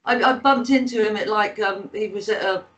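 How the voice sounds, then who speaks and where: A Bristol-accented actress and author in her sixties rambles through anecdotes as an interview guest, filling her talk with fillers in a relaxed setting. Her pitch is medium, her pace moderate and her tone a bit bright, captured on a low-quality recording.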